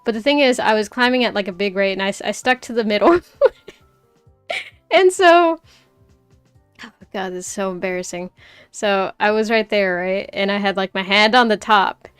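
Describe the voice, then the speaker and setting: A woman streamer telling a story in casual chat, animated, laughing often and full of fillers. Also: medium pitch, normal speed, pauses often, clear, resonant tone, faint music behind.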